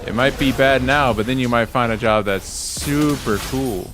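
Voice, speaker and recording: A man's voice: medium pitch, normal speed, music in the background. A man streaming a video game, chatting casually with viewers and swearing at the game when it goes wrong. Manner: animated, swears at the game and laughs. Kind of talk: casual gaming stream chat.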